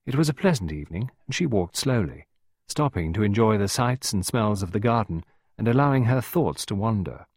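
A low-pitched man reads a story aloud with lively, widely varied intonation. His voice is a little husky, and the recording is dry and close. The reading stays expressive throughout. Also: fairly quick, no room sound. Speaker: audiobook narrator. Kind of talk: scripted storybook narration.

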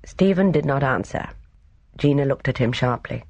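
An audiobook narrator with a mid-pitched voice and lively intonation. The reading is steady and clear. The recording is close and dry, with no room sound. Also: moderate pace, dry recording, muffled recording.

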